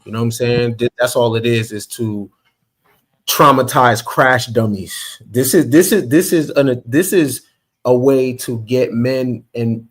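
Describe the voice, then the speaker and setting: A man on a panel debate who rambles and thinks aloud while making his point. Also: medium pitch. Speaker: panel guest.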